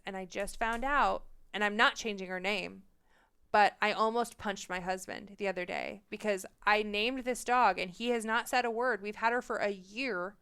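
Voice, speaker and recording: A young adult woman co-hosting a podcast in casual chat, telling stories with lively quoted dialogue and frequent laughs. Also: mid-range voice, clear, resonant tone. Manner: animated storyteller, acts out quoted lines, laughs often. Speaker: podcast co-host.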